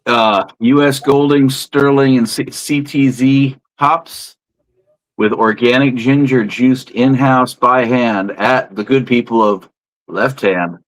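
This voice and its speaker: A man in a casual podcast chat who makes wry, deadpan jokes. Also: medium pitch, takes it slowly, no room sound, low-quality recording.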